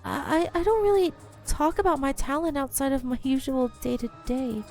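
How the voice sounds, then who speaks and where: A woman's voice: high voice, animated, normal speed, faint music behind, voice pushed up. A woman doing a shy, modest young jockey girl. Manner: soft-spoken, formal and self-effacing.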